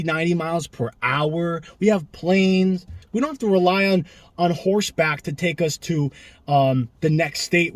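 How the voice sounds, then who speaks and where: A young man ranting sarcastically in an animated vlog monologue, filming himself outdoors near a street. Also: a little high, no room sound. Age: young adult. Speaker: vlogger. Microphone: camera he films himself with.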